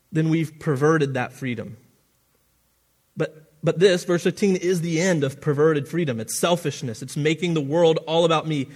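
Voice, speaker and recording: A man's voice: a little high, breathy edge. Earnest male pastor preaching. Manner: earnest preaching with repeated restarts. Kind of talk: sermon.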